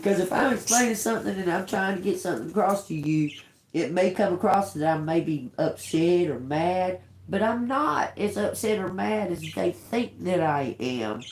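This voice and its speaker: Blunt, foul-mouthed woman hosting a livestream, animated delivery, roomy echo. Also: lowish voice, normal speed. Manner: blunt, profane, animated storytelling. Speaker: tarot reader livestream host. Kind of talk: casual livestream talk. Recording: echoey room.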